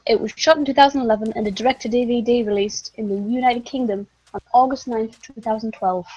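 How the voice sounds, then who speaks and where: A woman's voice: fairly high pitch, fairly even intonation, fast, dark tone, husky, no echo, muffled recording. A woman with a Northeast English accent, chatting casually beside a streamer and reading trivia aloud in a dry, reluctant way. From near Newcastle, England. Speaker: co-host reading facts aloud. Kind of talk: casual chat.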